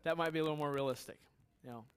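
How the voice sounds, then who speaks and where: A middle-aged male pastor teaches a Bible passage in a relaxed, conversational way, joking on the side and asking the congregation questions. His smooth voice is on the high side and races along.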